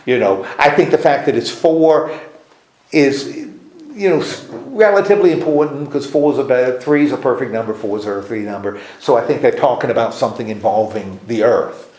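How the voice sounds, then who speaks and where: A man at a medium pitch leads a Bible study group in a loose, conversational teaching style. He circles back, restarts his sentences and keeps asking the group questions. The sound is roomy, with an echo off the walls. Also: fairly quick, a little mellow. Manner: explains at length with many restarts and asks the group questions. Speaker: pastor leading a Bible study. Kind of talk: informal teaching discussion. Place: church meeting room. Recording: echoey room.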